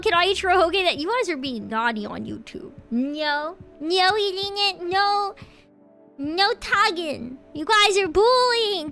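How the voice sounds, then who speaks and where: A very high, bright, bubbly voice from a woman streamer chatting live with her viewers. She giggles often and teases her chat playfully. Soft music runs faintly underneath. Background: faint background music.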